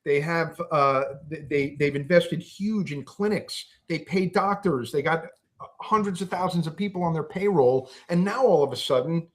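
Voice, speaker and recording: A man with a fairly high voice speaks at normal speed as a guest on a podcast. The political discussion is heated, and he's angry and impassioned, swearing and starting his sentences over.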